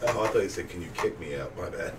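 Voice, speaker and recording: A man's voice: low-pitched, lively intonation. A man chatting and laughing as a co-host at a card break. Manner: slow, laughs a lot. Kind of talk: casual banter. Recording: distant mic with loud noise.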